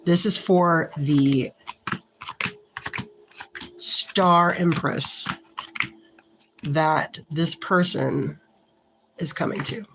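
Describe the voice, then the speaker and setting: A woman's voice: low voice, fairly even intonation, noisy background. A woman giving a casual tarot reading to camera, thinking aloud as she shuffles and pulls cards, frank and a little irritated. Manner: slow, halting, thinks aloud while shuffling and pulling cards. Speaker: tarot reader.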